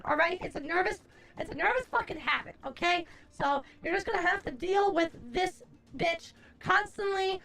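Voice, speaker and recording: Very high-voiced, foul-mouthed woman streamer. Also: vocal fry, a bit bright. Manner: profane, theatrical mock-furious ranting. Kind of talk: casual livestream chat. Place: at a desk at home.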